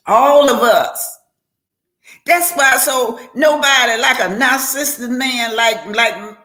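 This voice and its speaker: A woman's voice: mid-range voice, fairly bright tone. An older woman, a grandmother, talking casually on a live stream and giving heartfelt life advice, preachy in tone and often stumbling and restarting her words.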